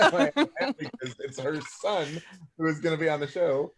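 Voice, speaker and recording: A man co-hosting a casual live webcast, introducing the show with lively bursts and laughs. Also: fairly high pitch, moderate pace, vocal fry, a little hiss or hum. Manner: lively, laughs between lines. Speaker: co-host.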